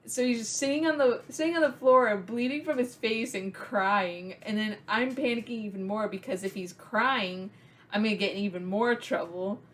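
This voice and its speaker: A young woman tells a story for her vlog in a loose, rambling way. Her speech is full of "like" fillers and restarts, and her voice sits at an ordinary middle pitch. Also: normal speed. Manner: rambling, filler-heavy with many likes. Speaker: vlogger.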